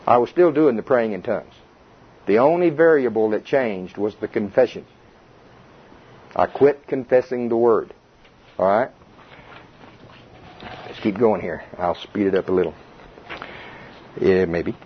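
A man's voice: on the low side, lively intonation, measured pace, long pauses, slightly rough, dull audio. A man preaching an informal sermon, conversational and quizzing the congregation. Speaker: pastor.

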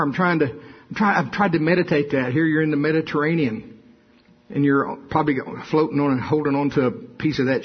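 A man preaching a sermon in a lively way, acting out quotes and stories as he goes. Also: mid-range voice, breathy edge, highs cut off. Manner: lively preaching, acts out quotes and hums a tune. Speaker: pastor.

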